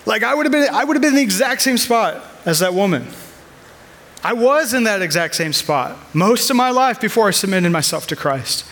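A man's voice: high-pitched, lively intonation, a little slow, fairly bright tone. A man in his thirties preaching a sermon as a pastor, earnest and conversational, weaving personal stories into his message.

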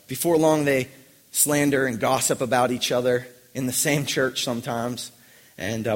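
A man's voice: medium pitch, big-room sound. A man preaching a sermon as pastor. He presses his listeners with earnest rhetorical questions.

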